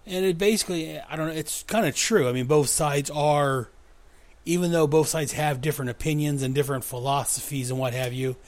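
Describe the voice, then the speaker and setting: A man's voice: fairly high pitch, fairly quick. A man hosting a podcast, recapping a comic book in a casual way, reading the dialogue aloud in voices and chuckling often.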